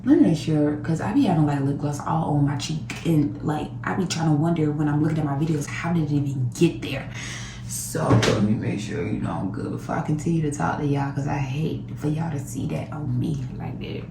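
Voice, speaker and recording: A woman's voice: low-pitched, brisk, vocal fry, over music. A woman vlogger chatting straight to her viewers from her home kitchen. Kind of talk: casual talk to the camera. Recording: echoey room.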